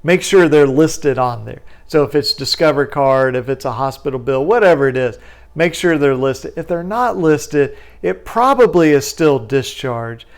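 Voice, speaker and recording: Man explaining debt lawsuits in a lively, slightly raised voice. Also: a little high. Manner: lively storytelling, acts out phone calls in a raised voice. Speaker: consumer bankruptcy lawyer. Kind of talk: casual explanatory talk.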